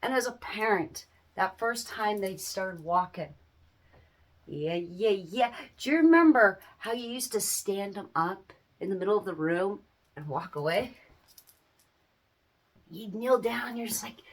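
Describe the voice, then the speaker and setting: A woman's voice: on the high side, unhurried, fairly bright tone. A woman, a parent, giving a casual life-lesson talk to camera, earnest and repeating phrases for emphasis. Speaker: parent and small business owner.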